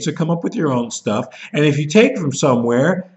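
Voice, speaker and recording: A man's voice: on the high side, expressive, brisk, few pauses, a little mellow, highs cut off. A man ranting angrily and bitterly to camera, swearing often and mocking others in put-on voices. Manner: bitter, profane, jumps into mocking voices when he is upset. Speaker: vlogger. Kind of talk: angry rant to camera.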